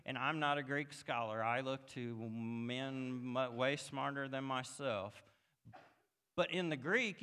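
A man preaching a sermon as pastor, moving from quiet reflection to emphatic, rising passages. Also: on the high side. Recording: long hall reverb.

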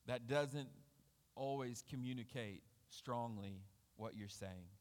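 A man speaks at a middle pitch, preaching in a loose, conversational way. He thinks aloud, circling back and restarting as he explains scripture. His voice rings out with the long reverb of a church hall. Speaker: lay preacher. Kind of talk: conversational sermon.

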